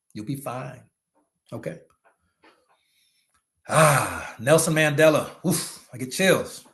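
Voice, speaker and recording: A man giving a motivational leadership talk to network marketers, animated and preachy, with slangy asides and sudden shouts. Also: mid-range voice, slow, creaky, pauses often.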